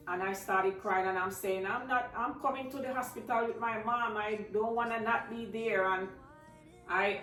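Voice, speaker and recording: A woman's voice: mid-range voice, a bit bright, far from the mic. Lady telling a sad story to her viewers, emotional, echoey room, sits back from the mic, faint music under it. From Jamaica. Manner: emotional, addresses viewers as guys. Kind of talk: casual storytime vlog.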